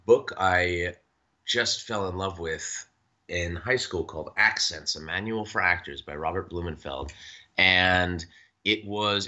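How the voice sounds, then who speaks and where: A man who works as a voice actor, chatting in an interview and thinking out loud with frequent restarts and fillers. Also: low-pitched, muffled recording. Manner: thoughtful, halting with many restarts and fillers. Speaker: voice actor guest. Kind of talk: casual interview chat.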